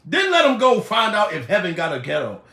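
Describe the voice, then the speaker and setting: A man shouting as frantic money-hungry victims. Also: high-pitched, huge pitch swings, a little fast, recorded from a distance, exaggerated voice. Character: greedy lawsuit victims demanding money. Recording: roomy echo.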